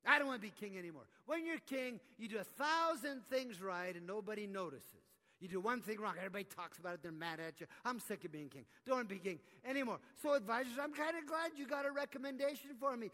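Man doing a worn-out little king, high-pitched, pleading, echoey live hall. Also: quick pace, few pauses, pushed and bright. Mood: weary. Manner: pleading, exasperated. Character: weary little male king, fed up with ruling.

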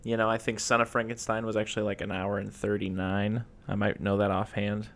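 A man with a fairly low voice chatting casually. He sounds wry and opinionated, and he tends to ramble and circle around a point before he lands it. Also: level tone, fairly quick, a bit bright. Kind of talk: casual chat.

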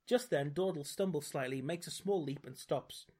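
A man's voice: fairly high pitch, normal speed, a little mellow, slightly rough. A man reading a gamebook aloud as podcast host, dropping dry, wry asides. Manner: dry, wry commentary between read passages.

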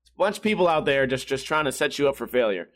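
A man's voice: mid-range voice, lively intonation, fast talker, fairly bright tone. A man hosting a podcast, telling a rambling, profane, self-mocking story in a casual monologue while sweating in a hot room. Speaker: podcast host.

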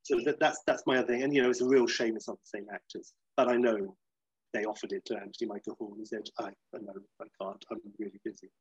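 A man's voice: quick pace, husky, no room sound, lo-fi sound. A man chatting casually as a podcast co-host, reviewing films and acting out quotes in silly voices. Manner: animated, acts out quotes in high silly voices. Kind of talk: casual film review chat.

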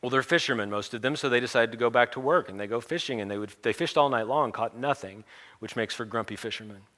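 A man's voice: medium pitch, fast, a bit bright. A man preaching in a casual storytelling way, with humorous asides. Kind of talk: sermon storytelling.

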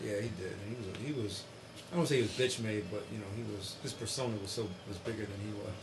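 A man chatting casually on a podcast, profane and animated, laughing often as he tells stories. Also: fairly low pitch, fast, noisy background. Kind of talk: casual chat.

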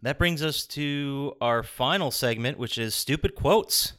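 A man's voice: mid-range voice, expressive, unhurried, a bit bright, clear, resonant tone. A man hosting a casual podcast, laughing often as he moves through the segments. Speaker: podcast host.

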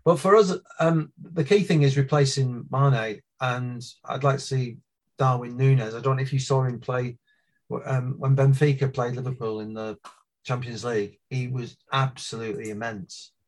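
A man calmly weighing up transfer rumours in casual chat. He speaks at a middling pitch, in a considered manner with frequent pauses. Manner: measured, thoughtful, lots of "um". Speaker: football podcast guest, Liverpool fan.

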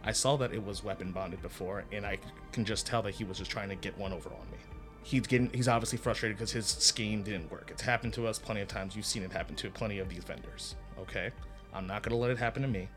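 A man voicing a scheming male market vendor who defends himself in a low, quick, hushed voice in a tabletop game. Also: music in the background, natural voice. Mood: defensive.

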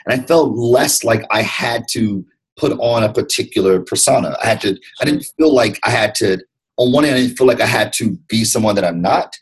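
A man from Detroit talks as a podcast guest, his voice somewhat low and a little husky. He speaks earnestly and reflectively, circling back and restarting phrases as he thinks. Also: brisk, poor audio. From Detroit, USA. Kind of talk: candid interview conversation.

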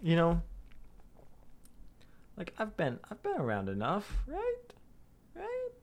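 A man's voice: wildly swooping pitch, a little slow. A young man talking candidly to his viewers, rambling and self-deprecating, with many restarts and some swearing. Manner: puts on anxious inner voices in a sudden high pitch. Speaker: vlogger. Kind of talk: candid personal monologue to camera.

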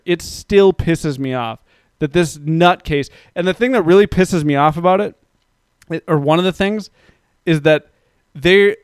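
A man in his thirties telling a story in a casual, profane rant that grows heated and loud. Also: fairly high pitch, clear, resonant tone, no echo, studio quality. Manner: ranting, profane, gets heated and loud when recounting.

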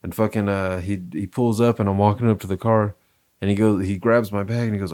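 Young guy w a real low voice just shooting the breeze, kinda rambly. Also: fairly even intonation, a little fast, darkish tone. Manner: loose, chatty, apologetic when he rambles. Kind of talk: casual chat.

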